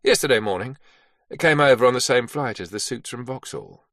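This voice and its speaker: A man's voice: mid-range voice, animated, fairly quick, a bit bright, dry recording, studio quality. A man voicing a stiff, matter-of-fact intelligence liaison officer. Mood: businesslike.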